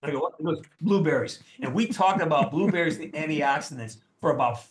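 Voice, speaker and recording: A man in his sixties, an actor guest telling a lively, profane anecdote and acting out the people in it. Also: a little high, fast talker. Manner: animated, profane, acts out the people in his stories. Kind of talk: casual storytelling anecdote. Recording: roomy echo.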